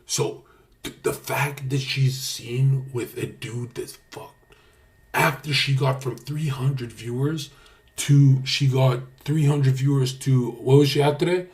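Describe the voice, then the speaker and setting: Young male streamer, cocky and profane, mid-pitched, lurches from quiet mumbles to shouts. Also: fairly even intonation, slow pace. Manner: brash, profane, boastful, swings from mutters to loud outbursts. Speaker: livestreamer. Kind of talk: casual stream talk.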